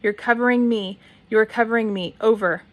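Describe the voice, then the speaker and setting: A woman reading aloud, voicing a calm adult male radio operator who speaks in clipped, formal radio procedure. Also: on the high side, normal speed, lightly acted. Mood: businesslike.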